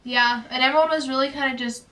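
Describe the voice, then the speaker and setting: A young woman in her late teens chatting casually with a friend, quick and laughing easily. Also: high-pitched, fairly even intonation, fairly bright tone. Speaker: guest friend. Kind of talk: casual chat. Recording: voice from a distant mic.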